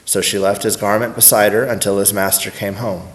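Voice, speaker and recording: A man reading scripture aloud at a steady, unhurried pace. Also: lowish voice. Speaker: scripture reader.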